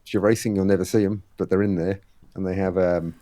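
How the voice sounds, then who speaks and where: A man's voice: low-pitched, steady tone, fast, mellow, no echo. A man being interviewed on a podcast, explaining at length with many fillers and quoted exchanges. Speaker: guest, head of a fitness race series.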